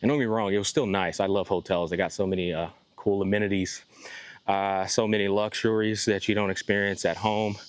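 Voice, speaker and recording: A man's voice: lowish voice, flat delivery, a little fast, clean tone, no echo. A man who is sick and a little out of breath, rambling casually in a vlog as he walks outdoors, recorded on his phone. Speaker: gacha YouTuber. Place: outdoors on a walk.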